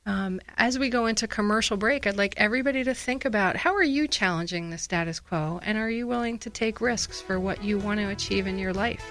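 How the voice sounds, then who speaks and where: A woman from the northern United States hosting an interview talk show, warm in her praise and enthusiastic as she asks questions. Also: medium pitch, a little fast, hardly any pauses, faint music behind.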